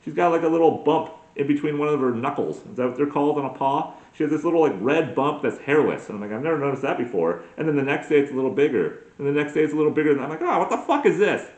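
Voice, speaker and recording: A man's voice: on the high side, rapid-fire, hardly any pauses, darkish tone, reverberant, muffled recording. A man in his forties doing a crude, self-mocking comedic monologue as a podcast host, full of profane rants. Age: 40s.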